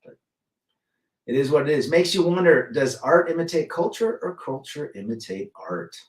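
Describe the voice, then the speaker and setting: Reading his chat on a laid-back stream, a middle-aged man greets people by name and shares his blunt views. His voice sits on the higher side, animated, at a normal speed. A distant mic leaves the sound roomy and echoing.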